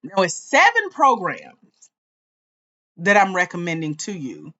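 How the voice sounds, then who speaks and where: A woman hosting a livestream as a grants coach, talking straight to her viewers in an excited, chatty way. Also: fairly low pitch, a little slow, muffled recording. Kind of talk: casual livestream chat.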